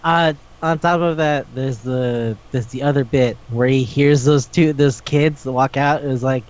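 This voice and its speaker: Male podcast co-host, mid-pitched, ranting and swearing in exasperation, dull lo-fi sound. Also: steady tone, unhurried, hardly any pauses. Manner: profane, exasperated ranting with acted-out quotes. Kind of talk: casual chat reviewing a manga. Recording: dull lo-fi audio.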